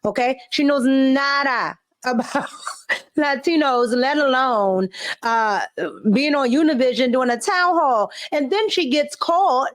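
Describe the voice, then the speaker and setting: Sassy, emphatic woman host, fairly high voice. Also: slow pace. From of Cuban family. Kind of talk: opinion commentary.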